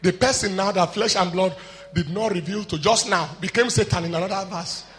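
A man preaching a sermon, swinging between shouted declarations and low, quiet asides, often calling out questions to the congregation. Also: brisk, big-room sound, slight background noise.

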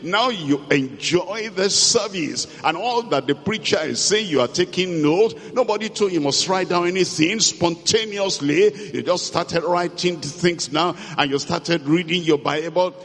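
Male preacher, slightly high voice, slow deliberate emphatic delivery, hall reverb. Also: fairly bright tone. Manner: slow, emphatic, repeats key phrases. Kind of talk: sermon.

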